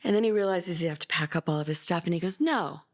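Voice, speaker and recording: Middle-aged california woman, low voice, telling her story slow with lots of ums and pauses. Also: darkish tone. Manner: unhurried, halting, with many pauses and fillers. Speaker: interviewee, mother. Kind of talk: personal storytelling.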